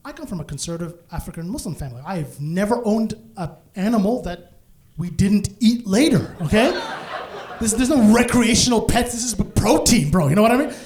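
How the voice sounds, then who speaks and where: A man performing stand-up comedy on stage in front of a live audience, telling a story in an animated way and acting out the people in it. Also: high-pitched, fairly quick. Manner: animated, acts out voices, bursts into shouts.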